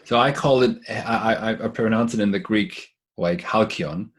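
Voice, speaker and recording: Husky low-voiced man explaining at length. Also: moderate pace. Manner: thoughtful, restarts and repeats words while explaining. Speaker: podcast guest, philosopher. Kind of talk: casual conversation.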